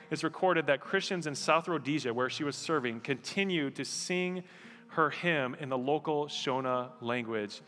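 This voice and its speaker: A male pastor delivers a sermon with a forceful, bright voice that carries through a reverberant sanctuary. He tells stories in a hushed tone, then rises to loud, fervent pleading. Faint music sits beneath him. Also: fairly high pitch. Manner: builds from quiet storytelling to loud fervent pleading. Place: church sanctuary.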